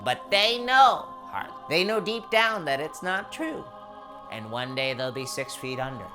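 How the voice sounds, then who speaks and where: A man voicing an unhinged, menacing male clown criminal who shouts in frenzied bursts over music. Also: fairly high pitch, expressive. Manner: shouting, frenzied, drawn-out words. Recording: music underneath.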